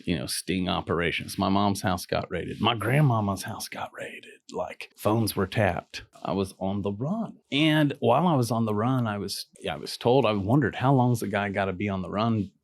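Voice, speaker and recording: A middle-aged man, a podcast guest, telling a personal story in a casual, animated way, acting out the voices of people he quotes and swearing now and then. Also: on the low side, normal speed, gravelly, few pauses.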